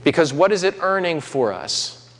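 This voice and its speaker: A man's voice: on the high side, very animated, moderate pace. Male preacher in a reverberant hall. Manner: conversational, with asides to the congregation. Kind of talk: sermon. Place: church sanctuary.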